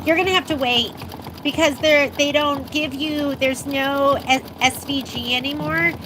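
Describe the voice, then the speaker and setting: A high-voiced woman runs a casual live sewing demo from her shop, filming on a handheld phone. She chats loosely at a measured pace in a steady tone, answering viewer questions and laughing often. A sewing machine hums amid clear background noise.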